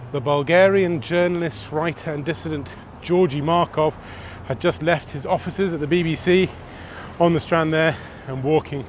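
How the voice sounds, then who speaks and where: Male history presenter, slightly higher voice, storytelling on location with faint traffic behind. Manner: storytelling, conversational, dramatic pauses. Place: outdoors on city streets.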